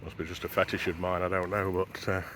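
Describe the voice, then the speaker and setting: A man with a low voice delivers flat, quick narration, his tone fairly bright, over a little hiss or hum. As a travel vlogger, he's walking a beach at sunrise and chatting to the camera he holds, thinking out loud along the way.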